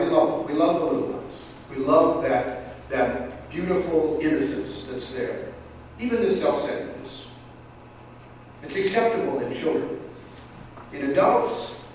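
Man, pastor, conversational sermon, slightly higher voice, booming reverberant church hall. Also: slight background noise. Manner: conversational preaching with small restarts, acting out quoted voices. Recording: echoey church hall from far off.

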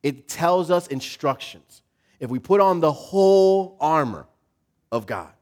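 A man preaching a sermon in a chatty, joking way, his voice sitting a little high and swinging widely in pitch. He drops to quiet, intimate lines and then climbs back up for emphasis. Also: lively intonation, a little slow. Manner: conversational and humorous, with dramatic swings between loud and soft. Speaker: pastor.

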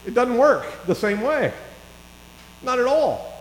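A middle-aged man preaching a sermon in a church, chatty and telling stories that swell into excited bursts. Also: very high voice, takes it slowly. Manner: conversational, rising to excited storytelling. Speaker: pastor. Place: church hall. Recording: echoey hall with faint mains hum.

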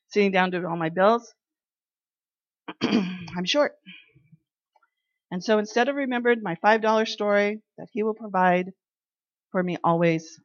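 A woman sharing personal faith testimonies in an animated way, acting out the dialogue in her stories. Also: fairly low pitch, dry recording. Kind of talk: personal devotional storytelling. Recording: dry, slightly dull lo-fi sound.

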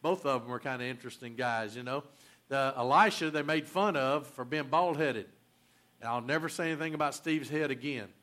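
A man's voice: mid-range voice, fairly quick, a bit bright. A man telling a Bible story in a casual sermon, folksy and joking, with many restarts. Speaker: preacher.

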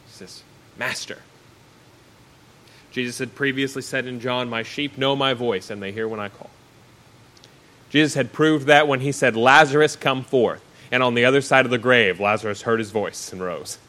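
A man's voice: medium pitch, a little fast, bright, forceful tone, slight background noise, poor audio. A man preaching a sermon, reading Bible verses aloud and then explaining them in plain, everyday words.

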